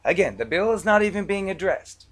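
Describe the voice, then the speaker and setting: A man telling stories to camera in a casual, conversational vlog monologue, relaxed and dotted with filler words. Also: sits high, a little fast. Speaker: vlogger recounting past collections work.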